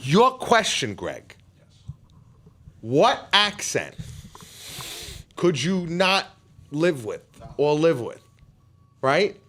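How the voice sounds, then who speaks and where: A man's voice: fairly high pitch, extremely slow, long pauses. A man with a New York accent co-hosting a podcast, talking casually and arguing with his co-hosts. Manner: animated, heckling and arguing. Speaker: podcast co-host. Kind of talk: casual chat.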